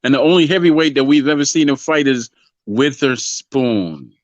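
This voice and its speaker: A man's voice: a little high, fairly even intonation, fast talker, no room sound, muffled recording. A man co-hosting a casual boxing talk show, rambling and repeating himself as he argues his predictions. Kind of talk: casual sports debate.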